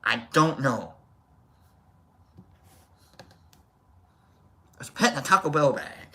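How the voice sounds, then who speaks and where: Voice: mid-range voice, animated, drawn-out words, creaky, pushed and bright. A live stream host chatting casually, telling a rambling story and greeting viewers in the chat.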